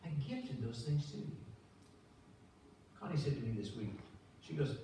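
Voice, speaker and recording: Speaking at normal speed with long pauses, an older pastor with a mid-range voice tells stories in his sermon, acting out voices in a conversational, animated way. The sanctuary is very echoey, recorded from a distance with a little hiss or hum.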